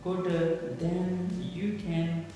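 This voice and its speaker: A man teaching English pronunciation in an online lesson, speaking haltingly and repeating his phrases with frequent pauses. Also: high-pitched, monotone, mellow. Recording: very echoey room with long reverb and faint music.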